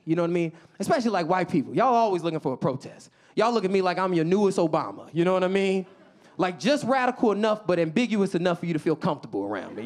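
A young man from the south side of Chicago doing a stand-up comedy set on a club stage, acting out characters in funny voices. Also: high voice. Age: young adult. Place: comedy club stage before a live audience.

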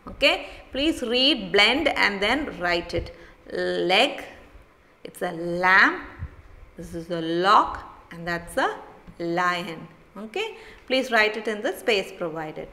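A woman teacher, slowly sounding out and repeating words in a phonics lesson for young children. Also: mid-range voice, big pitch swings, pushed and bright. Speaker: primary school teacher. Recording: echoey room.

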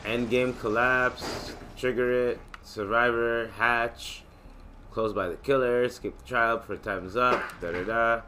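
A man casually commentating his gameplay, excitable and joking, with loud profane outbursts. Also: medium pitch, slow pace, noisy background. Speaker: gamer and channel host.

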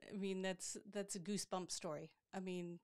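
A woman's voice: mid-range voice, steady tone, moderate pace, darkish tone. Woman hosting a chat, gushing n enthusiastic, medium voice. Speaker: host. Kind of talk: casual interview chat.

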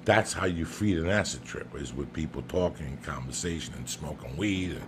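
A man's voice: rumbling low, brisk, few pauses. A middle-aged man from New Jersey with a Jersey accent, telling brash, profane stories on a podcast. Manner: brash, profane, bursts into loud laughing shouts. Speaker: podcast host. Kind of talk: casual storytelling. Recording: noisy room ambience.

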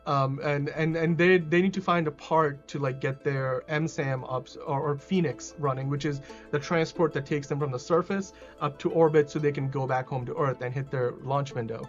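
Man, podcast host, casual TV review, excitable, rambling, fillers, fairly high voice, dull lo-fi sound. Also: moderate pace, hardly any pauses, soft background music.

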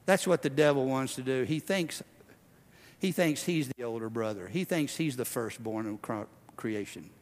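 A male pastor preaching a sermon with passion, swinging between loud, driving declarations and hushed, intimate passages. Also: medium pitch, normal speed. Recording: long hall reverb.

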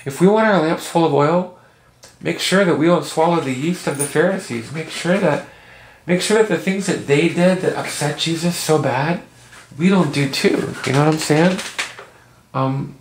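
A man's voice: a little high, normal speed. A man giving an earnest, conversational Bible teaching from home. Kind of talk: casual Bible teaching video. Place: at home, indoors. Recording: echoey room with faint noise.

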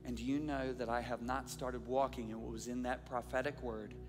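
A middle-aged man preaching a sermon, telling stories animatedly and swinging between shouting and quiet asides. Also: mid-range voice, level tone, brisk. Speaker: pastor. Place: large church or auditorium. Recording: reverberant hall with music.

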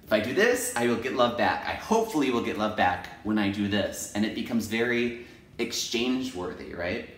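A man teacher talking in a personal confessional vlog, very expressive, jumping into high voices to act out his own thoughts and going soft and gentle for self-affirmations. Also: normal speed, echoey room. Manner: expressive, jumps into high acted inner voices; ends softly with self-affirmations. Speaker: teacher and video blogger.

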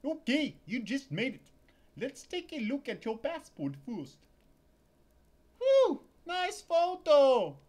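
A man voicing a grumbling, fussy male cruise ship purser with a high, strained voice. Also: huge pitch swings, slow, a little mellow, full character voice. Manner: complaining, chatty, fussy.

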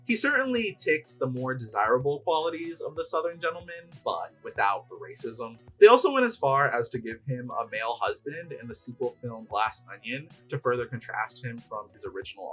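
A man's voice: mid-range voice, breathy edge. A man hosting a channel, narrating a scripted video essay. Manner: lively, explanatory. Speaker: YouTube host.

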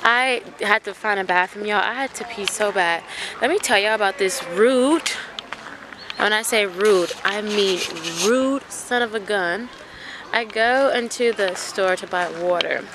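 A woman vlogging outdoors in a city park, chatting casually in an animated, storytelling way. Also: mid-range voice, unhurried, background noise. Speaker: travel vlogger. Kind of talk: casual vlog chat.

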